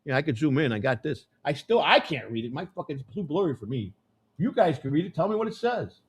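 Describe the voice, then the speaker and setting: A man hosting a live stream, rambling and swearing as he thinks out loud to his chat. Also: fairly high pitch, big pitch swings, quick pace, slightly rough. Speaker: livestream host. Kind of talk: casual live-stream commentary.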